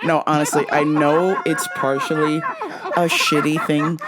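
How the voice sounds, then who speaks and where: A woman's voice: low voice, heavy background noise. Blunt, profane woman host. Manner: slow, animated delivery. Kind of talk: casual vlog monologue.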